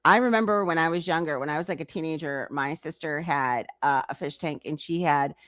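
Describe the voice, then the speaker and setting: A woman's voice: sits low, brisk, a bit bright, no room sound, clean studio sound. A woman streamer giving reaction commentary on a clip, incredulous and teasing as she talks back to it.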